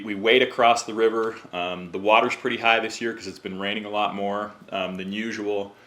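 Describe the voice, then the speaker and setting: Man, podcast guest, lowish voice, bright tone, casual storytelling. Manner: chatty, acts out quoted voices.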